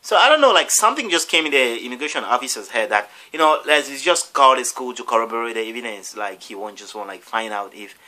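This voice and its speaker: A man's voice: medium pitch, animated, quick pace, few pauses, pushed and bright. A man vlogger telling a long story casually, rambling with restarts and acting out the people in it. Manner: rambling, restarts and acts out all the voices.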